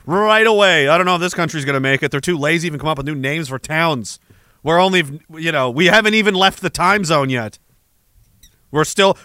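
Sarcastic ranting man, bright sharp voice. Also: high voice, no echo, clean studio sound. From Canada. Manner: rambling, sarcastic, profane, laughs between thoughts. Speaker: vlogger. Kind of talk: comedic rant.

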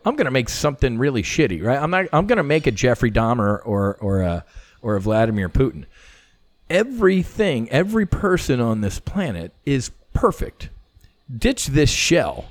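A middle-aged man, a former fighter pilot, telling stories as a podcast guest in a casual, animated way, swearing freely and full of "you know" fillers. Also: medium pitch, no echo. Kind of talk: casual conversational storytelling.

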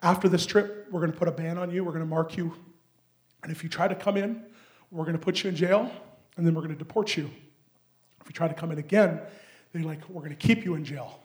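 A man's voice: a little high, fast, pauses often, voice pushed down, natural voice. Man doing a cold, stern airport officer.

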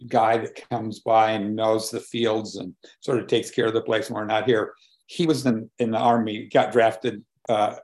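A man in his seventies giving a reflective talk with personal stories, unhurried and thoughtful, often pausing to search for words. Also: on the low side, darkish tone. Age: 70s. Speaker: speaker on conversation and collaboration.

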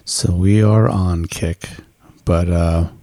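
Brief: low, gravelly male co-host, dark tone, dry close sound, loose and profane, quick to laugh. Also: steady tone, dry recording. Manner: laughs often, swears freely, rambling. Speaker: podcast co-host. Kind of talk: casual chat.

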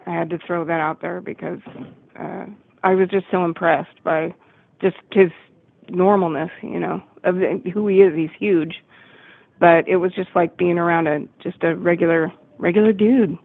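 A woman's voice: lowish voice, steady tone, normal speed, creaky, slightly rough, no echo. Woman on a tinny phone line. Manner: chatty, rambling storyteller. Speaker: guest, tribute band member. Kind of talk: casual interview chat.

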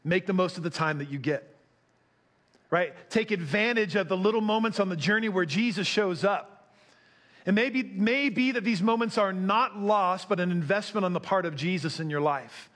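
A man's voice: sits high, moderate pace, a bit bright. A man preaching a sermon as pastor, conversational, asking the congregation questions and acting out quotes.

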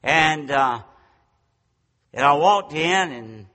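Slow folksy preacher in an echoing hall. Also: male voice, on the high side, animated, sharp tone. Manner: folksy, self-deprecating storytelling. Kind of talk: storytelling sermon. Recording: long reverb from a large hall.

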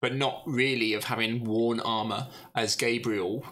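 A man runs a tabletop game as game master, narrating scenes in a loose, rambling way full of ums and likes. His voice has a bright, forward tone. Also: mid-range voice, steady tone, measured pace. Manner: casual, rambling narration with fillers.

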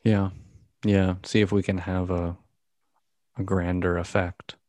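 A man in his forties speaking thoughtfully and in a measured way in a casual conversation. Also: deep voice, flat delivery, darkish tone, no echo. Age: 40s.

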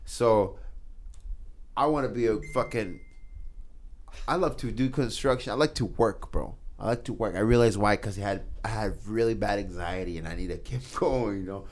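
Man, low voice, emphatic, profane, casual podcast chat. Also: normal speed. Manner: intense, heavy swearing, emphatic storytelling. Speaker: podcast guest.

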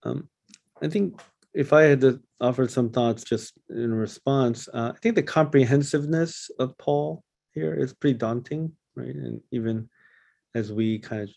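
Low-ish guy with a gravelly dark voice, halting, lots of ums, leading a bible study, dry sound. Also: no room sound. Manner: halting, hesitant, many fillers and restarts. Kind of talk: casual group discussion.

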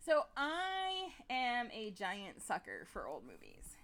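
A woman co-hosting a podcast, chatting casually and presenting a topic in an animated way. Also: fairly high pitch, slow. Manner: animated, laughs easily. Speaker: podcast co-host.

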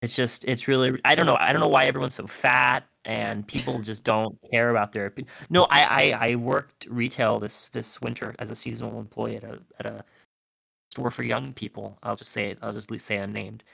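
A man's voice: medium pitch, fairly even intonation, brisk, creaky, bright, forceful tone, no echo. A young man calling in to a live show from his phone while driving, rambling, crude and opinionated. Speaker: caller. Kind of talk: casual call-in chat. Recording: dull glitchy call line.

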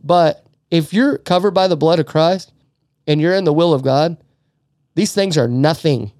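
A man's voice: a little high, normal speed, a little mellow, no room sound, studio quality. A middle-aged man hosting a podcast, telling an emotional faith story in casual talk with many restarts and fillers. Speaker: podcast host.

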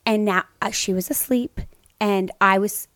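A woman's voice: medium pitch, fairly even intonation, unhurried, fairly bright tone. A middle-aged woman co-hosting a podcast, telling an emotional personal story with many restarts. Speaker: podcast co-host. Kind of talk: casual chat, personal story.

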